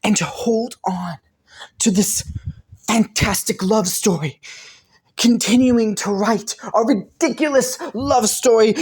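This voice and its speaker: Killua, a man voicing a slow-spoken tender boyfriend. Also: high-pitched, exaggerated voice. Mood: earnest. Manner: soft, sighing, breathy little laughs. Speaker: voice actor. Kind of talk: romantic listener role-play audio.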